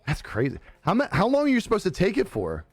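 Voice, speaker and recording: A man's voice: high-pitched, huge pitch swings, fast, dry recording, faint music behind. A young man live streaming, chatting casually with viewers in a laid-back, profane way and laughing often. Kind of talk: casual chat reading viewer comments.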